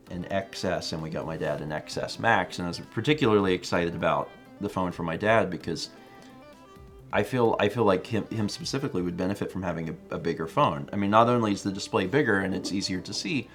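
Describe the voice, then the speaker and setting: A man co-hosting a live stream, chatting casually and reading out viewer messages in an animated, playful way. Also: deep voice, fairly quick, soft background music. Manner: animated, playful, puts on silly voices when quoting. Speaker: co-host of a live stream show.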